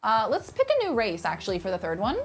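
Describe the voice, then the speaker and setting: A woman's voice: mid-range voice, huge pitch swings, fast talker, faint music behind. A young woman streaming live, chatting casually and playfully with her viewers and thanking them by name.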